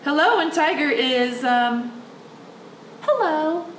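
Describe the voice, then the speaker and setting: Animated high-voiced librarian woman at storytime. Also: a little slow, roomy sound, recorded from a distance, a little hiss or hum, rough recording. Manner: animated, coaxing, speaks directly to the kids. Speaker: children's librarian. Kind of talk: reading a picture book aloud to young children.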